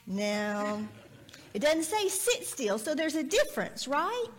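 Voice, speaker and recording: A woman with a high, bright-pitched voice gives a children's sermon in a church sanctuary. She speaks slowly and unhurriedly, and keeps turning to the children with friendly questions. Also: big pitch swings. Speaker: children's minister.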